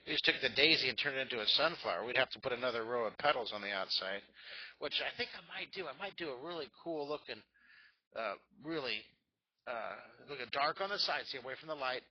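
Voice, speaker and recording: A man's voice: medium pitch, a little fast, slightly rough. A middle-aged man leading a drawing lesson for children, thinking aloud and cheering on his young viewers. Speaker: drawing teacher. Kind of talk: live drawing lesson for kids. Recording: dull lo-fi sound.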